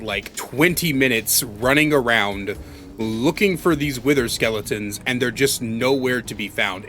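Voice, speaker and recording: A man hosts a Minecraft let's play, rambling casually as he builds with blocks and sometimes yelping or pleading in panic. His medium-pitched voice is bright and forceful.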